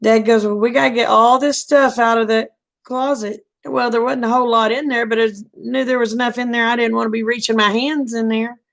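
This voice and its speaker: A middle-aged woman, telling a folksy story in a casual, animated way and acting out the quoted dialogue. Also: fairly high pitch, brisk, gravelly. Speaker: vlogger telling stories.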